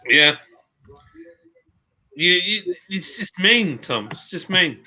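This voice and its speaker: Bloke chatting on a stream, bright punchy voice, slightly higher pitch. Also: male voice, expressive, slow. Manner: chatty, laughing, reads chat aloud. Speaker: host. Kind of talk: casual livestream chat reading viewer comments. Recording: dull lo-fi stream audio.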